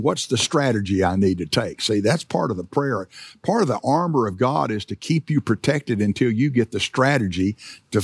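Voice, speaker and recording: A man's voice: mid-range voice, gravelly, husky, no room sound, studio quality. A middle-aged man, preaching a conversational sermon and repeating key words for emphasis.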